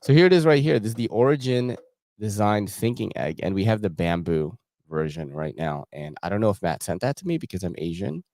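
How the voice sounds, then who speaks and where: A man's voice: lowish voice, lively intonation, brisk, darkish tone, dry recording, clean studio sound. A young man hosting a casual gear show, chatting in laid-back slang while browsing a website and laughing often.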